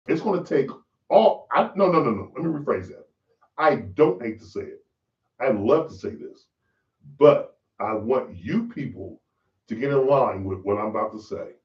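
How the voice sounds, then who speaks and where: A man hosts a podcast in a loud, preachy rant full of profanity. His pitch leaps up and down as he pushes his points. The sound is dull and lo-fi, picked up from a distance in a roomy space. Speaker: podcast host. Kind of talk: ranting monologue.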